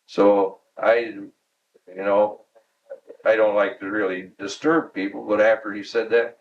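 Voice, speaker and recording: A man's voice: fairly low pitch, steady tone, a little slow, recorded from a distance, highs cut off, slight background noise. A man in his sixties from Michigan, recalling workplace anecdotes at home in an oral history interview, chuckling and acting out quoted dialogue. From Michigan, USA. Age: 60s. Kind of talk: storytelling reminiscence.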